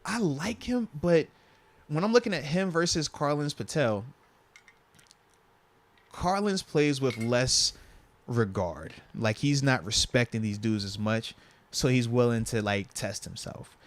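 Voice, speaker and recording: A man hosting a casual sports podcast, relaxed and slangy, talking into a lapel mic. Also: mid-range voice, unhurried. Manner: laid-back, slangy, says "bro" and "man". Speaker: podcast host.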